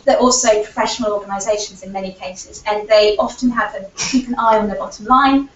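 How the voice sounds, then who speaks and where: Speaking fairly fast in a medium pitch with fairly even intonation, a woman gives an earnest talk at a conference, filling her arguments with fillers as her voice recovers. Captured in a lecture hall, the sound is distant, echoey, and dull lo-fi.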